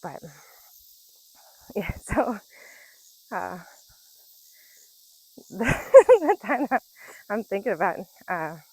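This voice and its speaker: A woman in her forties, a vlogger, tells casual stories while out on a nature walk, chatting away and laughing often. Her voice is mid-range, and the recording is rough but free of echo.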